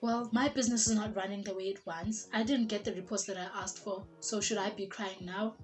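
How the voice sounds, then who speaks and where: A woman voicing her condescending female manager in a cool, quieter, dismissive tone. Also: mid-range voice, steady tone, a little fast, soft background music, natural voice.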